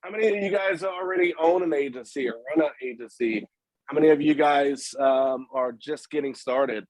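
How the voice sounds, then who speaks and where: A man's voice: a little high, crowd noise. A man from Texas co-hosting a webinar in casual, chatty banter over a video call. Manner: chatty, quick bursts of banter. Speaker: webinar co-host. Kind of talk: casual chat.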